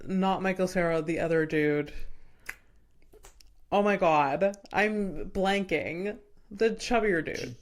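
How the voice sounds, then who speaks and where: A woman's voice: on the low side, takes it slowly, long pauses. A woman hosting a podcast in casual chat, retelling movie scenes with lots of laughter. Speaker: podcast host.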